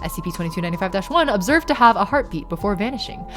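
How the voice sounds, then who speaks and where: A young woman streamer reads documents aloud flatly and chats with her viewers, turning tearful and giggly. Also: medium pitch, rapid-fire, soft background music. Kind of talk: live-stream reading and chat.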